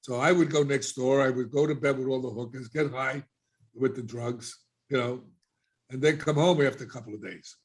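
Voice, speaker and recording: A man's voice: mid-range voice, steady tone, normal speed. A middle-aged man telling his life story as a podcast guest, casually and animatedly, acting out the voices of people he quotes.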